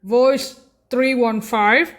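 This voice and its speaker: A woman explaining keyboard voice settings in a casual way, halting and often correcting herself and apologizing. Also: on the high side, fairly even intonation. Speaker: keyboard instructor.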